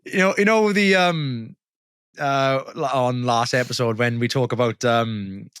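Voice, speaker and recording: A young man from Wales co-hosting a podcast, telling stories and teasing his co-host with halting restarts. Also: medium pitch, fairly bright tone, clean tone, no echo, studio quality. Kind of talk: casual chat.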